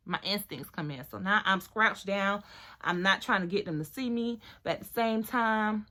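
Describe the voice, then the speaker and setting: A young woman vlogger chatting through a storytime while doing her hair, animated and talkative, sometimes dropping to a hushed voice. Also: medium pitch, normal speed. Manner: animated, chatty, drops to near-whisper at times.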